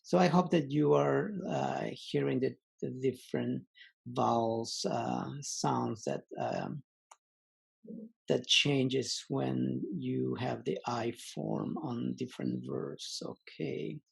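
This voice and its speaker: A man teaching a language lesson online, slowly repeating example words and pausing with many fillers. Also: medium pitch, vocal fry, slightly rough.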